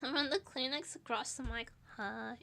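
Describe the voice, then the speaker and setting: A woman's voice: high voice, normal speed, vocal fry, noisy background. A young woman streamer with a stuffy, nasal, sniffly voice, chatting casually and rambling with a self-deprecating tone. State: stuffy nose. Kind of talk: casual chat.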